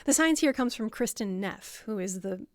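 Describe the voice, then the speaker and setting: A woman's voice: mid-range voice, expressive, moderate pace, dry recording, clean studio sound. A woman explaining self-compassion to camera in a casual, conversational way, with many fillers. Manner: conversational, lots of fillers, acts out voices.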